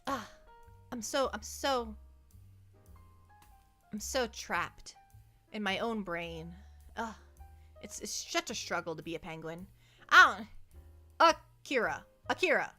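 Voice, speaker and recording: A woman's voice: mid-range voice, lively intonation, slow pace, long pauses, pushed and bright, soft background music. A young woman chatting casually on a livestream, rambling and self-deprecating, often tripping over and repeating her words into a close desk mic. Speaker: VTuber streamer.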